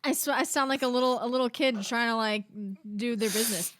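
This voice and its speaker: A woman streamer in casual chat, playfully trying out rough vocal sounds and voice impressions. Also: on the high side, fast talker, noisy background. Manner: playful, tries out growls and impressions. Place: home streaming setup.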